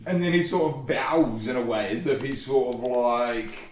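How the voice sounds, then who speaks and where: A man's voice: mid-range voice, normal speed, slight background noise. A man narrating a tabletop game as game master, rambling and hesitant, with many fillers. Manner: rambling and hesitant, full of "sort of" and "like". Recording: roomy, from far off.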